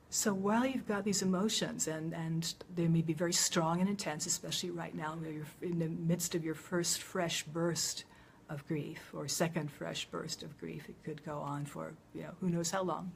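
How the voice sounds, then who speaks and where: A woman speaking gentle guidance straight to the viewer, often dropping into a near whisper and growing more emphatic at times. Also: sits low, creaky, a little hiss or hum. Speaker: speaker of a public service video. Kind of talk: soothing spoken guidance to the viewer.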